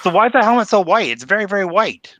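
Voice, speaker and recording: Man, podcast co-host, bright lively voice, fairly high, playful and teasing. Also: quick pace, no room sound. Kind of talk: casual podcast chat.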